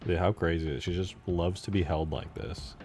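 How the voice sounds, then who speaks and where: Very deep gravelly man, relaxed commentary. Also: brisk, soft background music. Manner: relaxed, thinks aloud, chatty asides to viewers. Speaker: game modder and channel host. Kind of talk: casual commentary while working.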